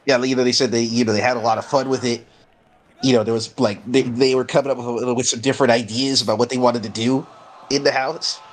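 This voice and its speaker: A man hosting a gaming stream, chatting casually with friends and breaking into excited play-by-play of the match. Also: mid-range voice, brisk. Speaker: streamer and host. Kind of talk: casual gameplay chat and commentary.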